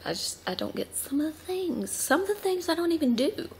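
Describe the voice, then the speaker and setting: A woman's voice: high-pitched, sing-song, fairly quick. A woman in her thirties from the Southern United States with a Southern US accent, chatting casually to the camera at home as a mom vlogger, rambling with lots of ums and asides.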